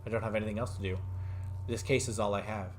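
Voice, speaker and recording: A man streaming a game, reading its dialogue and text aloud and commenting between lines, jumping up in pitch when something excites him. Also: fast talker, a little hiss or hum. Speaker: let's play streamer. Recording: faint game music behind.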